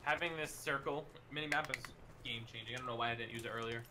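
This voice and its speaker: A man playing as a teammate, chatting casually with lots of fillers and quick exclamations. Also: mid-range voice, steady tone, background noise. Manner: rambling, filler-heavy, reacts with quick exclamations. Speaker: teammate in the match. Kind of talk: casual gameplay chat. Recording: game sounds clearly behind voice.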